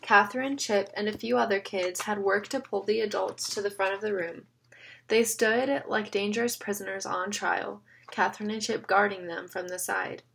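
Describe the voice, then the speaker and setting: Gravelly-voiced woman narrating a story. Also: mid-range voice, fairly even intonation, moderate pace, a bit bright. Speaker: audiobook narrator. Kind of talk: scripted narration.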